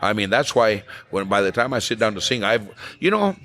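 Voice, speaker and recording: Low easygoing new mexico guy, flamenco singer, storytelling w spanish bits thrown in. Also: a little fast. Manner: relaxed storyteller, vivid imagery, slips into Spanish. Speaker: podcast guest, flamenco singer. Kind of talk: casual interview chat.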